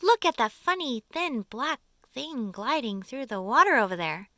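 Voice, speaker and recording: A woman voicing a boastful male centipede who blusters loudly and turns jittery. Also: high-pitched, lively intonation, normal speed, no echo, studio quality. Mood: excited. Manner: loud, blustering exclamations.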